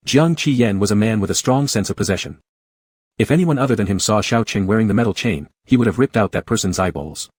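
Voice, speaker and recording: A man narrating a scripted comic story in an even, measured reading. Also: lowish voice, no room sound.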